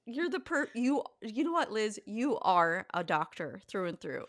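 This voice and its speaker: A woman in a relaxed podcast chat, teasing her friend and laughing a lot. Her voice swings up and down with lively pitch. The sound is dry and close. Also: unhurried, dry recording. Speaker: podcast co-host. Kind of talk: casual chat.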